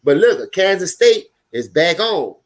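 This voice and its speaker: Hosting a laid-back live sports stream, this Louisiana man with a New Orleans accent reacts to the game loudly and profanely while chatting with his viewers. His voice sits high, and he's very animated but keeps a measured pace.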